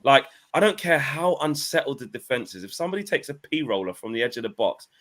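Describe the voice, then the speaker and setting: Guy on a football panel, thinks out loud, lots of restarts, mid voice. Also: mid-range voice, animated, quick pace. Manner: reflective, hesitant, many restarts. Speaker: football fan channel host. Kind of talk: casual football panel chat.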